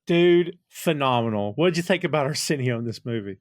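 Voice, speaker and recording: A man's voice: medium pitch, expressive, a little fast, no echo, clean studio sound. A man hosting a podcast, chatting casually about a film with enthusiasm, laughing often. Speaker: podcast host. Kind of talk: casual film review chat.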